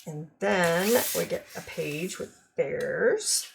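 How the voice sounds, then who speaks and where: A woman's voice: lowish voice, expressive, slow, vocal fry, slight background noise. A woman demonstrating craft products in a casual, chatty show-and-tell, full of ums and gushing over cute designs.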